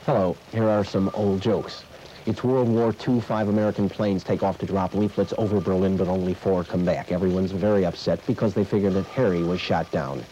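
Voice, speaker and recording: A man hosting a mock news segment, telling old jokes with a dry, measured delivery. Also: sits low, steady tone, dark tone, a little hiss or hum, low-quality recording. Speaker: comedian host.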